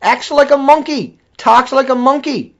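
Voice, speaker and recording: Furious high-voiced man ranting, profane. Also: normal speed. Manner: furious, profane, repetitive tirade. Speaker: video blogger. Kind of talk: angry ranting monologue. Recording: dull lo-fi recording.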